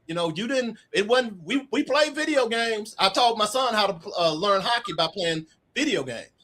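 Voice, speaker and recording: Animated middle-aged male storyteller. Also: high voice, normal speed. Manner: animated storyteller acting out quoted dialogue. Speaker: author guest. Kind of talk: casual storytelling interview.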